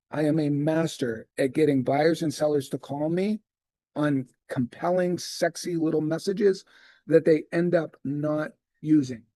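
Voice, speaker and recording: Animated middle-aged male sales trainer. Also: fairly high pitch, dry recording. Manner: animated storyteller acting out dialogue. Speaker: real estate sales trainer. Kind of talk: storytelling sales training talk.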